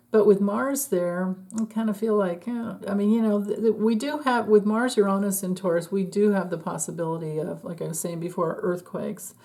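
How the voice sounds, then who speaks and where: Mellow-voiced woman doing an astrology forecast, chatty, laughs a lot, loses her words. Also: medium pitch. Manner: chatty, laughs often, trails off and restarts. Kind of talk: casual solo astrology forecast.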